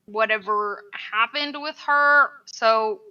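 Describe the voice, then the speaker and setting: A woman's voice: on the high side, slow, pushed and bright. A woman playing a tabletop game, talking casually and hesitantly with lots of fillers. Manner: hesitant, lots of likes and ums. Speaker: player. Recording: dull distant mic.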